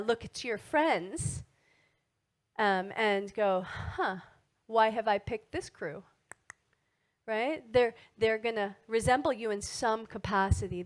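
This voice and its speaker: A middle-aged woman giving a motivational wellness talk to an audience, animated and asking frequent tag questions. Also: mid-range voice. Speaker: wellness speaker.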